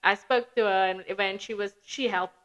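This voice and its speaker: A South African woman with a flat local accent, a podcast guest chatting casually and acting out her own past thoughts in quick quoted asides. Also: mid-range voice, lo-fi sound. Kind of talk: casual conversational storytelling.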